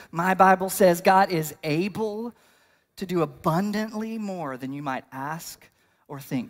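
Man preaching a lively sermon. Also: high voice. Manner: conversational preaching with bursts of emphasis. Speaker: pastor.

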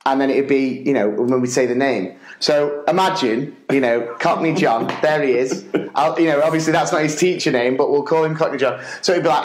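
A man's voice: mid-range voice, brisk, reverberant, slight background noise, low-quality recording. A man co-hosting a podcast, telling a school anecdote casually and laughing often as he goes. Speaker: podcast co-host and teacher. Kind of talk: casual storytelling.

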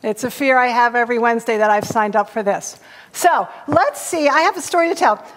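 A woman leading a children's story time in church, reading aloud in a bright, animated way while sitting on the steps. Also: fairly high pitch, fairly quick. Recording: long church hall reverb.

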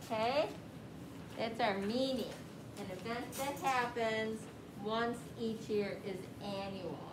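A woman teacher walks her class through a vocabulary word, speaking slowly and patiently as she checks whether everyone is done. Her voice sits fairly high. It rings around an echoey room over a steady rumble. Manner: slow, patient, checking on students.

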